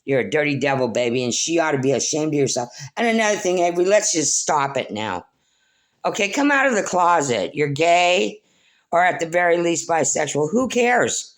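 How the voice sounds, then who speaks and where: A woman's voice: low-pitched, very animated, moderate pace. A middle-aged woman rambling through a personal monologue to her viewers, blunt, scolding and preachy, calling them "folks.". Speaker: spiritual vlogger.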